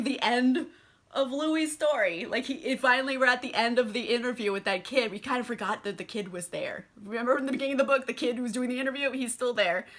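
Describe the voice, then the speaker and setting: A young woman retelling a novel's plot in loose, chatty vlog talk, swearing freely and leaning on fillers. Her voice is bright and forceful. It sits a little higher than most women's. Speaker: book vlogger. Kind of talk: casual book recap.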